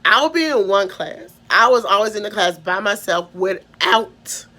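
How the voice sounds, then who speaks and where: A woman's voice: mid-range voice, lively intonation, a little slow, pushed and bright. A woman from Mississippi with a Southern American accent, telling a personal story in a rambling way, full of restarts and trailing "da, da, da" fillers. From Mississippi, USA. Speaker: vlogger.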